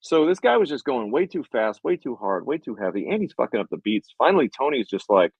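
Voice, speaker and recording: On his podcast, a filmmaker recounts a behind-the-scenes tale in a brisk, husky, medium-pitched voice over lo-fi, echo-free sound. The telling is casual and animated, heavy on swearing, with quotes performed aloud.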